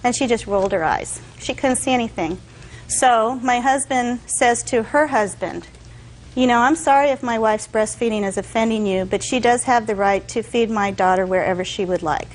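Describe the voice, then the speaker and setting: A woman's voice: a little high, moderate pace, slight background noise, low-quality recording. A woman testifying as a defendant in court, telling her side in long detailed stories and acting out what others said.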